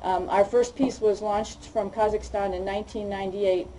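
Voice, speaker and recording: A woman with a Boston accent speaks quickly and casually to a crowd, chatty and a little self-deprecating. Her voice sits at a middle pitch with a mellow, relaxed timbre. A faint hum of noise runs behind her. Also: recorded from a distance, low-quality recording. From Boston, United States. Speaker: astronaut guest speaker. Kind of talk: public talk to an audience.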